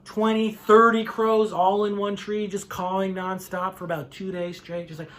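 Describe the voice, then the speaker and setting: A man performing a stand-up set, animated, often laughing and acting out voices. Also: high voice, normal speed, few pauses. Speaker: stand-up comedian.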